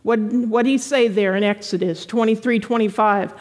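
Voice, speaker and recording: A woman pastor preaching an animated sermon to a congregation, slipping into playful voices for quoted people. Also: medium pitch, normal speed, big-room sound. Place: church sanctuary with congregation.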